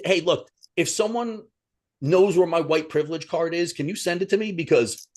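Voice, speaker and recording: A man's voice: fairly high pitch, normal speed, darkish tone. A man co-hosting a podcast, ranting in casual chat with heavy swearing. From Italian-American. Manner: heated, profane, ranting. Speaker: podcast co-host.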